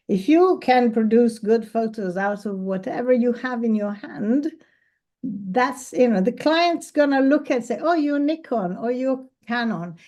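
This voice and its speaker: A woman's voice: a little high, darkish tone. A professional photographer, a woman, giving a casual, enthusiastic talk and answering questions at an event. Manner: chatty, enthusiastic, laughs easily. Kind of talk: casual presentation and Q&A. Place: event space.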